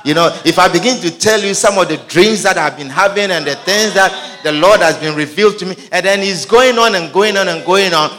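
A man preaching a sermon, emphatic and sing-song, swinging from soft asides to shouted peaks, with repeated call-and-response. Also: high voice, a little fast, few pauses. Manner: repetitive call-and-response style.

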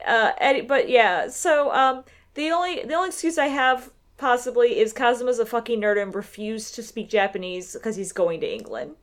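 A woman's voice: on the high side, moderate pace, hardly any pauses. A woman in casual chat, talking about a game in a loose, wry way and swearing offhandedly. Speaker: podcast co-host.

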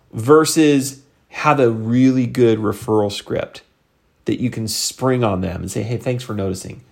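Animated middle-aged man coaching his team. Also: vocal fry. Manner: animated, conversational, jumps high for emphasis. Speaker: sales team leader and coach. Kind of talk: motivational vlog talk.

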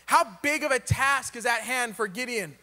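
A man's voice: extremely high pitch, normal speed, bright, forceful tone, in a large hall. A man preaching a sermon in a casual, joking way, full of rhetorical questions.

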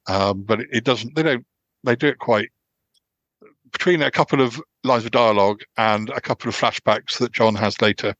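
A man's voice: mid-range voice, normal speed, a bit bright, no room sound, lo-fi sound. A British man hosting a podcast, chatting casually about old TV dramas and piecing his thoughts together as he goes. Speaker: podcast host.

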